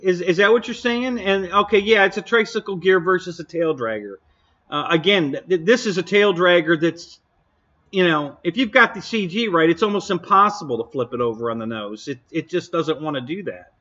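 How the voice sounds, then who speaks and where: A man hosts a casual live stream, answering his viewers bluntly and laughing often. His voice sits a little high and sounds bright and sharp. The stream audio is somewhat dull and lo-fi. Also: brisk.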